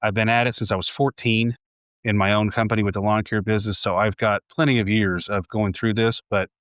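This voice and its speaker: A man's voice: on the low side, a bit bright, clean tone, no room sound, clean studio sound. A man in his forties, a home builder guest, talking casually and reflectively in a podcast conversation, with frequent restarts. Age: 40s.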